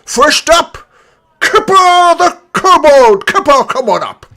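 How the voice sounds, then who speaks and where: Man putting on an old orc announcer, booming. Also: very animated, slow pace, sharp tone, full character voice. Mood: grandiose. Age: older. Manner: booming, ceremonious proclamations. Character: elderly male orc announcer, grand and jovial.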